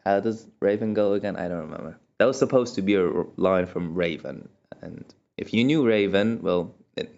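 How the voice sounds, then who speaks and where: A young man with a fairly low voice tells a story from his own life in a loose, rambling way, full of self-mocking asides. The recording is dull and lo-fi, with a muffled home-mic sound. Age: young adult. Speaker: vlogger telling a personal story. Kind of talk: casual storytelling monologue.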